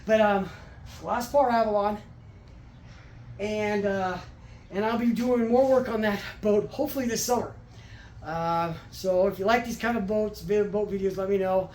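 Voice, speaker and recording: A man's voice: high voice, darkish tone, a little hiss or hum. Rambling man in an echoey garage. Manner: rambling, halting, many restarts. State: out of breath. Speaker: garage channel host. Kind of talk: casual workshop vlog. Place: home garage.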